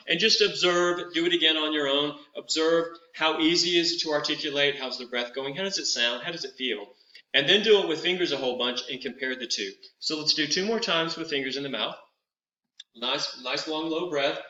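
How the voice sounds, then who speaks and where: A middle-aged man leading a vocal warm-up as a voice teacher, patient and instructive, slowing down to over-articulate the drills. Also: on the high side, echoey room, dull audio.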